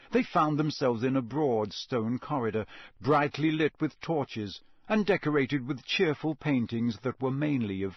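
A man narrating a storybook in a measured, expressive way. His voice is mid-pitched and recorded close, dry and without room sound. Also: no room sound. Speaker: audiobook narrator.

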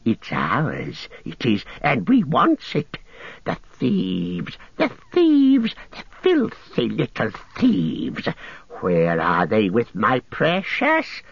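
A man's voice: medium pitch, wildly swooping pitch, extremely slow, vocal fry, husky, no echo, muffled recording, full character voice. A man reading an audiobook voices a wretched male creature, hissing and whistling, drawing out words in a wheedling mutter to himself. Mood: frantic. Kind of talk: audiobook character voice.

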